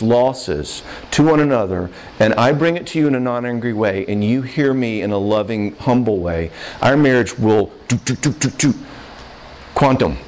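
A man's voice: medium pitch, darkish tone. A man giving an earnest, conversational sermon-style talk on forgiveness, emotional at times, checking in with listeners as he goes. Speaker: Christian speaker on marriage and forgiveness.

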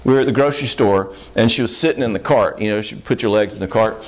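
A man's voice: lowish voice, fast. A middle-aged man answering audience questions in a casual seminar talk, telling stories and acting out the people in them. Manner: animated storyteller who acts out the people he quotes.

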